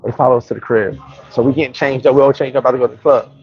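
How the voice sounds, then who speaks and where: A man telling a story in a casual, animated, slangy way and often restarting his sentences. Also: medium pitch, rapid-fire, muffled recording, faint music behind. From New York. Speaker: vlogger.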